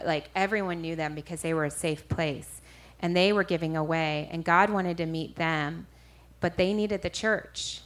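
A woman minister recounts a personal testimony to an audience. She tells it in an animated way, often restarting and correcting herself mid-sentence. Her voice sits slightly low. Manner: animated storytelling with frequent self-corrections. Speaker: street minister.

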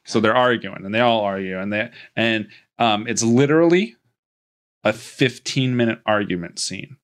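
A man's voice: fairly low pitch, normal speed, fairly bright tone. A man on a podcast casually recapping a movie, rambling and joking and acting out the characters' lines. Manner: rambling and jokey, with frequent restarts and playful quoted voices.

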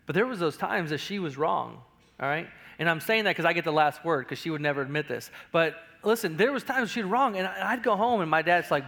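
A man's voice: a little high, animated, fairly quick, gravelly, a bit bright. A middle-aged male pastor preaching a sermon in a conversational way, often repeating words as he talks. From United States.

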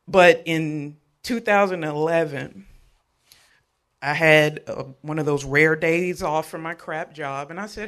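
A man, telling a personal story at a live event, animated and joking with the audience. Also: on the high side.

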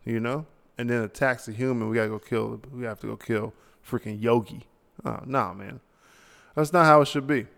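A man's voice: mid-range voice, normal speed, gravelly, a bit bright, long reverb tail. A man hosting a solo podcast, ranting casually and sounding tired late at night. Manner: casual, ranting, tossing in mock voices. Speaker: podcast host.

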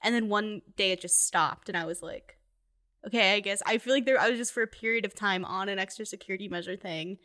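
A woman's voice: mid-range voice, a little fast, sharp tone. A young woman telling a personal story in casual conversation, full of fillers and laughing asides. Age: young adult. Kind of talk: casual chat.

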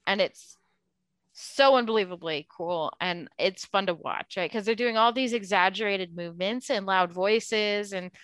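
A woman's voice: medium pitch, moderate pace, a bit bright, clear, resonant tone, dry recording. A woman enthusiastically giving her opinions on a film in casual chat. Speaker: podcast co-host.

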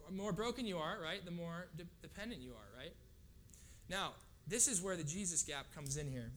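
A man's voice: fairly high pitch, fairly bright tone, slight background noise. Casual conversational male preacher. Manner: casual, conversational, frequent "right?" asides. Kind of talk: sermon.

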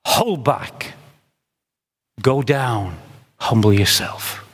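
Middle-aged guy preaching slow and deliberate, gets fired up, big echoey hall. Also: expressive, a bit bright, breathy edge. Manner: impassioned, builds to high-pitched emphatic runs. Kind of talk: sermon.

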